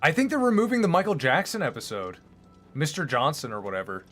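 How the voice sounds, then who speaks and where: A man's voice: on the high side, wildly swooping pitch, quick pace, a bit bright, soft background music. A man streaming, chatting casually in a rambling, opinionated, profane way. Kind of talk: casual chat while streaming.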